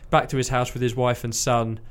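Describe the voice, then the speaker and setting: Guy on a podcast rambling happily about a movie, mid-pitch voice, lots of ums and likes. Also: level tone, brisk, clear, resonant tone. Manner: chatty and enthusiastic, sprinkled with fillers and mild swearing. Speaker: podcast host reviewing a film. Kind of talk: casual chat.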